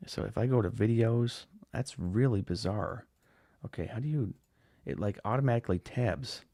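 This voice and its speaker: A man with a very low voice hosts a live-streamed podcast in a relaxed, rambling way, restarting his sentences and filling gaps with "uh" and "like". He sounds dry and close, with no room around him. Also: moderate pace, gravelly, no room sound. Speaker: podcast host. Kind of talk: casual live-stream chat.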